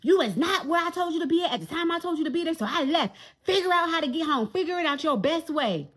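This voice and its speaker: A woman voicing a stern mother scolding her teenage daughter, firm and sharp. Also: very high-pitched, expressive, fast talker, voice pushed up.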